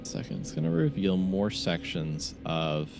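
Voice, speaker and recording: Halting game master from Southern Louisiana. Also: male voice, low-pitched, steady tone, over music. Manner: halting, many fillers and restarts. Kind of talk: narrating a tabletop game.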